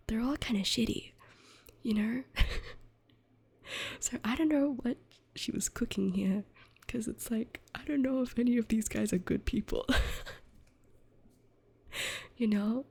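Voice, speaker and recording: Her voice is fairly high with vocal fry, a darkish tone and slight roughness. A young woman streamer, she rambles in a whispered ASMR chat close to the mic, giggling at herself as she reads in a self-deprecating way.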